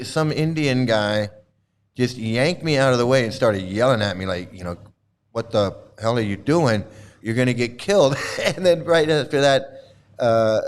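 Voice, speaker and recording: A man's voice: mid-range voice, clear, resonant tone. Rambling man chatting casually on a livestream. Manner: rambling, halting, many fillers and restarts, laughs often. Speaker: livestream host. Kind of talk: casual chat showing old photos to a live chat.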